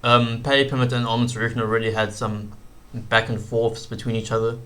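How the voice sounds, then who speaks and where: A man's voice: mid-range voice, level tone, a little fast, very noisy. A young man giving casual commentary as a YouTube host, rambling with fillers and slang.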